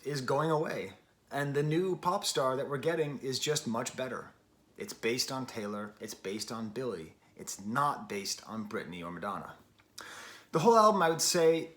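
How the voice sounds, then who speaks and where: A middle-aged man hosting a casual record review, rambling and wry. His voice sits at a middle pitch, and he wanders off into chatty asides before coming back to his point. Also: a bit bright. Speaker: music review host.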